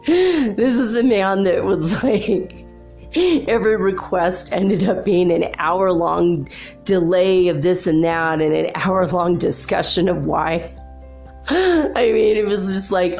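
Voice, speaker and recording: A woman hosting a spiritual talk show, telling a personal story in a chatty, animated way and laughing often. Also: on the low side, measured pace, gravelly, soft background music. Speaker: host.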